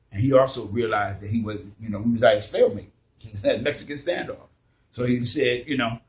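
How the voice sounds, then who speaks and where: A man telling a story in a casual, lively way, acting out the scenes as he goes. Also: mid-range voice, quick pace.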